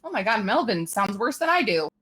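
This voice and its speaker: A woman in her twenties, a streamer role-playing a police cadet, talking loud, brash and excitable. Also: medium pitch, a little fast, husky. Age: 20s. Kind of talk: casual role-play banter.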